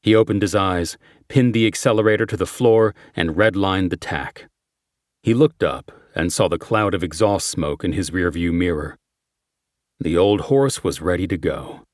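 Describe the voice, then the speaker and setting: A man reads a crime thriller audiobook in a measured, steady manner. His voice sits low. The recording is close and dry, with no room sound. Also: no echo. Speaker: audiobook narrator. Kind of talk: scripted narration.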